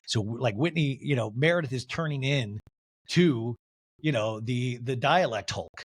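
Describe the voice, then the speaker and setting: A man's voice: mid-range voice, measured pace, breathy edge. A man hosting a solo TV recap podcast, gossipy and sarcastic as he talks through an episode. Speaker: podcast host.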